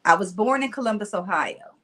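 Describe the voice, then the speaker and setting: A middle-aged woman with a strong Mississippi country twang tells stories about her own life in a relaxed interview. She sounds animated, laughs easily, and uses a mid-range voice. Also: mid-range voice, a little fast. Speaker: motivational speaker guest. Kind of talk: casual storytelling interview.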